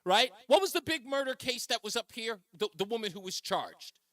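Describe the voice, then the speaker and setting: A man hosting a call-in talk radio show, taking callers and reacting with energetic interjections. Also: very high voice, no echo, clean studio sound. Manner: energetic, quick agreeing interjections.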